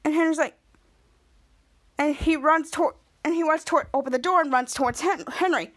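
A woman with a high, bright voice recaps a TV episode in casual podcast chat. She rambles and restarts mid-sentence, stacking "and then" after "and then". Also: a little fast. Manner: rambling retelling with restarts, acting out quoted lines. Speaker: podcast host.

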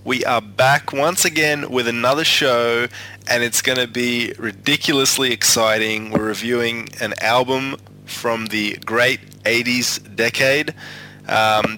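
Bright-voiced male podcast host, rambling. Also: mid-range voice, a little hiss or hum, low-quality recording. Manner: rambling, many fillers and restarts. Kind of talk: casual podcast chat.

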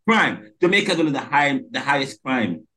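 A man's voice: medium pitch, big pitch swings, brisk, sharp tone. A man from the Caribbean hosting a podcast interview, talking emphatically and stressing single words with many restarts. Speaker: podcast host. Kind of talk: casual interview conversation.

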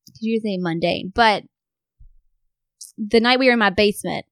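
A young woman co-hosting a podcast, telling old stories in a casual, giggly, animated way. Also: medium pitch, moderate pace, clear, resonant tone, no echo, studio quality. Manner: giggly, animated storyteller acting out quotes. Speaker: podcast co-host. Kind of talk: casual chat, reminiscing.

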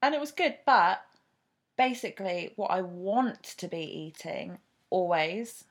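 A woman's voice: fairly low pitch, lively intonation, measured pace, slightly rough. A young woman from southern England, co-hosting a casual chat podcast in a chatty, easygoing way. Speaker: podcast co-host.

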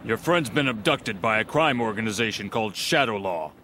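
A brisk, clipped air force captain in an animated film. His voice is bright and forceful, with faint street and vehicle noise behind. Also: fairly low pitch. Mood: stern. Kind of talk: dubbed animated film clip.

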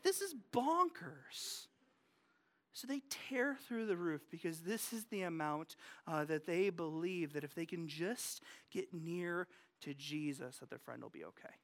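A pastor preaching a sermon to a congregation, conversational and animated, jumping from loud outbursts to hushed asides and questions to the listeners. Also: mid-range voice. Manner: asks the congregation questions and jokes about family life. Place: church, speaking to a congregation.

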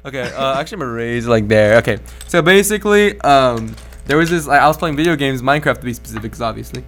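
A man's voice: medium pitch, lively intonation, quick pace, fairly bright tone, soft background music. A teenage man co-hosting a casual podcast, telling a story with lots of fillers and laughs. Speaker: podcast co-host.

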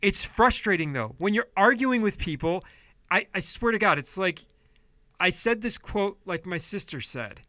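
A man hosting a podcast, ranting heatedly about politics and money with a lot of swearing, then dropping to quieter apologetic stretches. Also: high voice, animated, normal speed, no room sound. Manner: heated, profane, swings between yelling and apologetic quiet. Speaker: podcast host.

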